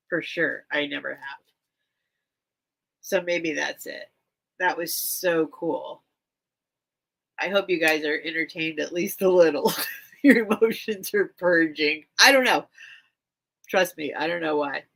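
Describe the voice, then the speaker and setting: Lady streamer reading a kids book out loud, kinda teary, rambly, lots of "like". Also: lowish voice, rough recording. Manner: rambling, chatty, heavy on "like" fillers. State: teary, on the verge of crying. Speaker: livestream seller. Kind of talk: casual livestream chat and reading aloud.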